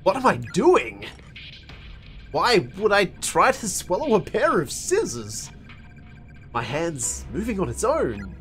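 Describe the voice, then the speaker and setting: A man's voice: high-pitched, huge pitch swings, slow pace, long pauses, a bit bright, soft background music, full character voice. A man voicing a frightened teenage schoolgirl in a haunted school game, reading her dialogue melodramatically. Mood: bewildered.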